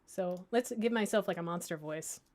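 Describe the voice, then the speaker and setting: Chatty woman librarian teaching software. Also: fairly low pitch, moderate pace. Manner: chatty, many fillers and restarts, thinks aloud; playful, lightly self-mocking. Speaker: librarian teaching audio editing. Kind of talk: casual screen-share software tutorial.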